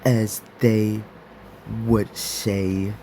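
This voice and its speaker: A man narrating an improvised fan story, halting, with many repeats and restarts. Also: on the low side, flat delivery, warm tone, slight background noise.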